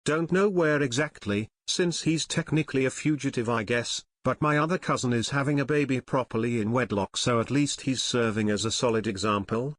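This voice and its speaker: A man in a flat, deadpan delivery, sharing a comic update about his family. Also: medium pitch, brisk, hardly any pauses, no echo, clean studio sound.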